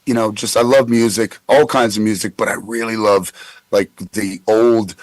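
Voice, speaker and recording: A man's voice: on the low side, steady tone, normal speed, no room sound, rough recording. A man in his forties who tells rambling anecdotes with stammered restarts in a casual interview. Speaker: guest voice actor.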